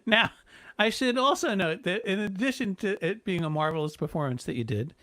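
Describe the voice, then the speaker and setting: A man's voice: high voice, animated, a little fast, sharp tone, no room sound. A man hosting a home webcast, introducing a guest with lots of hesitation. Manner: hesitant, many fillers and restarts. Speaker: host.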